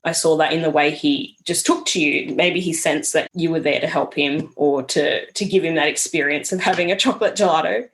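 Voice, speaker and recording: A woman's voice: deep voice, a little fast, hardly any pauses. Earnest woman telling a story. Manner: warm storytelling, earnest and reflective. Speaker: podcast guest. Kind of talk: casual conversational interview.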